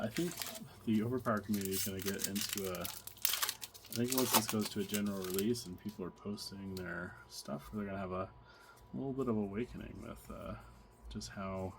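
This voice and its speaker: Low-voiced man opening card packs. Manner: thinking aloud, many fillers and restarts. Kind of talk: casual unboxing commentary. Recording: audible background noise, card crinkling.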